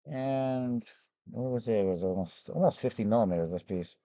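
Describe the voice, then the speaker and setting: A hoarse man, losing his voice, hosts a live gem and fossil sales show in a rambling, chatty way with frequent restarts. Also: on the low side, moderate pace, mellow, no echo, muffled recording. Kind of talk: casual live-stream sales chat.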